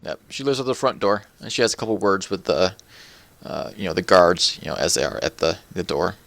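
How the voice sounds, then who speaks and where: A man with a very low, gravelly voice runs a tabletop game and narrates the scene. He talks in a loose, chatty way, full of filler words. The recording is close and dry. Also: animated, a little fast, fairly bright tone, dry recording. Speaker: game master.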